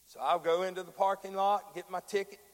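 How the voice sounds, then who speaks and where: High-voiced preacher shouting in a hall. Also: male voice, fairly even intonation. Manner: builds from quiet storytelling to shouted preaching with drawn-out fillers. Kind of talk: sermon.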